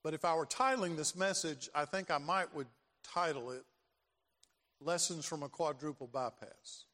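A man's voice: fairly high pitch, normal speed, bright, forceful tone. An older man preaching a sermon as pastor, dramatic and given to repeating his phrases. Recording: long reverb of a large hall.

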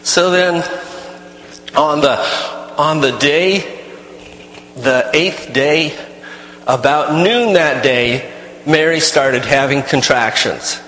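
A man's voice: a little high, slow pace, long pauses, a bit bright, a little hiss or hum. Folksy man telling a tale in an echoey hall. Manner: rambling, folksy, with many restarts. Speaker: storyteller. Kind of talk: first-person character storytelling.

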